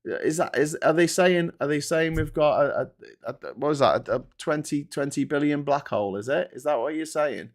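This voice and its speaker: A man's voice: fairly high pitch, expressive, normal speed. Rambling, sweary English man hosting a live chat. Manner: rambling, sweary, reads headlines and chat comments aloud. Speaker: YouTube host. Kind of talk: casual chat.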